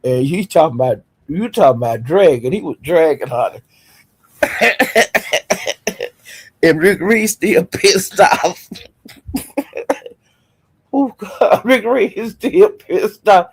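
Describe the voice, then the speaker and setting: A man's voice: high-pitched, animated, slow pace, pauses often, husky. A man hosting his own livestream and telling gossip to his chat. He laughs often and keeps calling his viewers "y'all", "honey" and "child". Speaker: livestream host. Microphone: home streaming setup.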